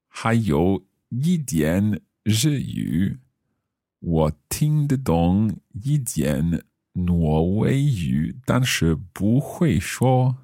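A man playing a polite foreign conference visitor in a slow, careful practice dialogue. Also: lowish voice, mellow, dry recording, clean studio sound, exaggerated voice.

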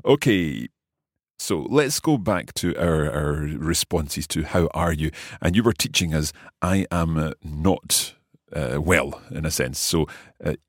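Very deep-voiced man hosting a language lesson. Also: animated, dry recording, clean studio sound. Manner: inquisitive, repeats phrases slowly, chuckles often. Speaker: podcast host and learner.

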